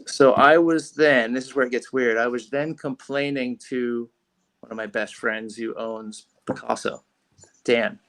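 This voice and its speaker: A man's voice: mid-range voice, fairly even intonation, unhurried, fairly bright tone. A man being interviewed on a podcast, telling a rambling story with lots of restarts and fillers. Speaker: podcast guest, fishing rod company founder.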